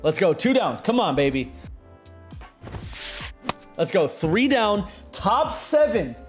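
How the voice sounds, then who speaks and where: A young man giving excitable live commentary on his own video game play, muttering one moment and shouting the next. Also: sits high, takes it slowly, faint music behind. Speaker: gaming streamer.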